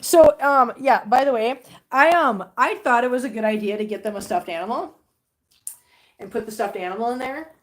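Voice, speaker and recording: A woman with a slightly high voice, speaking at normal speed, hosts a casual live stream from her home living room. She chats to viewers about her cats and laughs often, and the audio has a roomy home sound with faint background hiss.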